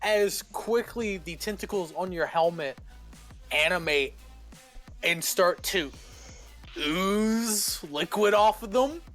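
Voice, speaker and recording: A man with a high-pitched voice runs a tabletop role-playing session, narrating what the players' characters see and hear. He talks over a voice call, laughs often and strings his descriptions together loosely, with faint music playing underneath. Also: takes it slowly, fairly bright tone. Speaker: game master.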